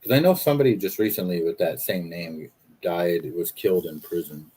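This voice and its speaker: A man with a low, husky voice chats casually on a livestream. He tells his stories loosely, filling gaps with "like" and "uh.". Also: brisk, mellow. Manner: storytelling, loose with fillers. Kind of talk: casual chat.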